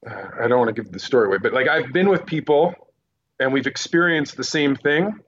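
A man who is a seasoned news correspondent tells lively field stories in a relaxed podcast chat, full of quick asides. His voice arrives over a slightly dull, muffled line. A faint hiss sits under it. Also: medium pitch. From Quebec Eastern Townships, Canada. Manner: animated anecdotes, quick asides. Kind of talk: casual podcast interview storytelling.

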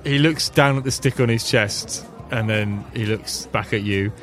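A man acting as game master, narrating a tabletop game in an animated way and laughing often. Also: on the low side, moderate pace, soft background music.

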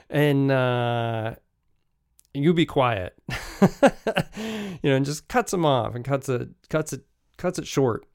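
Man, podcast host, relaxed travel storytelling, slow delivery, halting with restarts, smooth voice. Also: medium pitch, no echo, clean studio sound.

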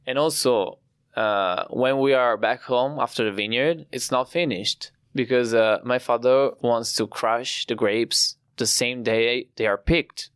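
Italian-accented winemaker, smooth clear voice. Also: male voice, mid-range voice, a bit bright, no echo, studio quality. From Italy. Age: young adult. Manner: explanatory, proud, with frequent "uh" pauses. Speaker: winemaker guest. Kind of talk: podcast interview.

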